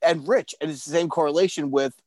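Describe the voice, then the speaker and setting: A man's voice: fairly high pitch, darkish tone, dry recording. Stammering man in dry casual chat. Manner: halting, stammering, profane.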